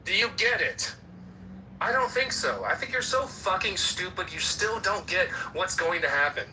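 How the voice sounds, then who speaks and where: A man's voice: sits high, animated, moderate pace, sharp tone, recorded from a distance, a little hiss or hum, poor audio. A man in a heated voice-chat argument, taunting and swearing aggressively at another user. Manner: aggressive, profane, taunting insults. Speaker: voice chat room participant. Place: online voice chat app.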